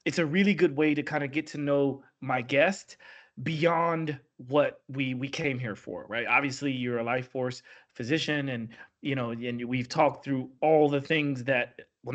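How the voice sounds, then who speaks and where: A man hosting a podcast, chatty and rambling and quick to laugh. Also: medium pitch. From Southern United States. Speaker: podcast host. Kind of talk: casual interview chat.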